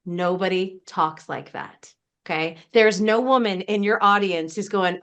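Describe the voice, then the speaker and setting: A woman's voice: medium pitch, unhurried, fairly bright tone, clear, resonant tone. A woman business coach presenting a casual webinar, chatty and emphatic, often laughing between points.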